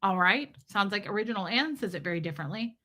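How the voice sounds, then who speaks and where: A woman's voice: mid-range voice, expressive, fast talker, sharp tone. A woman hosting a livestream, chatting casually and reading viewers' comments aloud. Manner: chatty, reads chat aloud, giggly. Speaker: livestream host.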